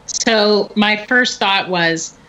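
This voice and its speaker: A middle-aged woman telling a story in casual chat, animated and often laughing. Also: medium pitch, drawn-out words. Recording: dull lo-fi recording.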